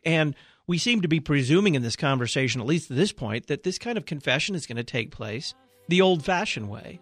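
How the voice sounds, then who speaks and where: Male radio host, measured and questioning, dry studio sound. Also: a little high, expressive, breathy edge, no room sound. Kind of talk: radio talk show hosting.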